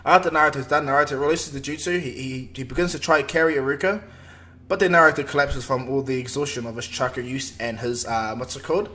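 A man's voice: mid-range voice, fast talker, bright, forceful tone. A man retelling a fan-made anime story in a loose, rambling way. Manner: rambling, with fillers and restarts. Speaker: narrator.

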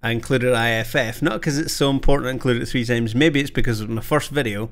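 A man, a fighter controller, relaxed and self-deprecating as he comments on his old video. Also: mid-range voice, fast.

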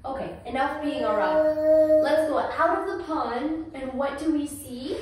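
Woman, gentle toddler-yoga teacher, sing-song, higher voice, recorded far off in an echoey room. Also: unhurried. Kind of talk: toddler yoga class instruction.

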